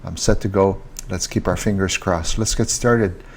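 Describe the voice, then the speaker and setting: In a low, husky voice with fairly even intonation, a French teacher leads a casual online lesson, speaking slowly and repeating each French word with rising emphasis. He uses a handheld mic and an earphone monitor.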